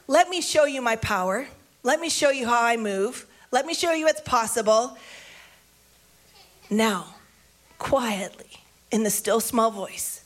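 A woman preacher reading a Bible passage aloud and breaking off into animated, conversational commentary. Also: on the high side, measured pace, pauses often.

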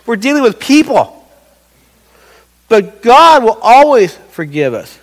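A man's voice: very high voice, sing-song, slow pace, pauses often, poor audio. A middle-aged man preaching a sermon as pastor, earnest and acting out quoted voices.

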